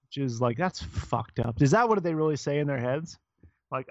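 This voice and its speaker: A man from Canada co-hosting a podcast, chatting casually and crudely, laughing often and slipping into quick impressions. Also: medium pitch, animated, no echo, lo-fi sound. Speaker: podcast co-host. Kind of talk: casual chat.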